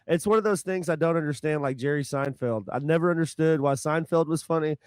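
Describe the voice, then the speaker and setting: Brief: co-host, man, higher voice, smooth and dry, joking asides. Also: a little fast, darkish tone, no room sound. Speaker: podcast co-host. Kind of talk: casual chat.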